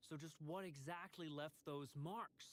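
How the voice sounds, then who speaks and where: Roberto, surfer dude. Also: male voice, fairly high pitch, a little slow, a little hiss or hum. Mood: puzzled, serious. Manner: drawling surfer slang. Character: laid-back young male surfer-dude adventurer. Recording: game audio with loud music. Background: game soundtrack music.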